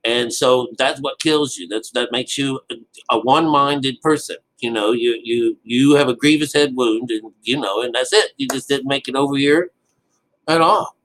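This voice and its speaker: A man's voice: medium pitch, moderate pace, a bit bright, rough recording. A man giving a casual, rambling Bible commentary, full of restarts and loose swearing. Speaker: Bible teacher.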